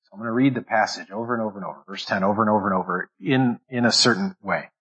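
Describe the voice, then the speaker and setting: A man's voice: lowish voice, very fast, a bit bright, highs cut off. A man preaching a sermon as pastor, stressing each word and often repeating and restarting phrases as he goes. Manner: restarts and repeats words while thinking aloud.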